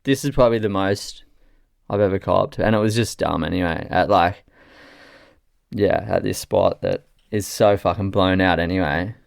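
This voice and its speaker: A man's voice: low-pitched, moderate pace, vocal fry, no room sound, clean studio sound. An Australian man chatting casually as a podcast guest, a laid-back rambling storyteller who swears often. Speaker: podcast guest, surf photographer. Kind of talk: casual chat over a beer.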